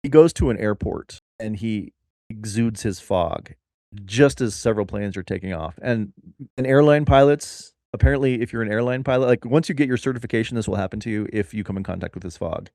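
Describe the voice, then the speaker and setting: A man with a lowish voice tells an absurd improvised comedy story, rambling and deadpan, full of restarts. He sounds close to the mic in a dry, dead room. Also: brisk, no room sound. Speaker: podcast co-host.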